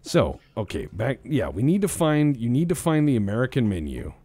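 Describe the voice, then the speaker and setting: A man's voice: medium pitch, very animated, moderate pace, mellow. A man hosting a casual gaming stream, rambling and joking, swearing freely and restarting his sentences. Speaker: streamer host.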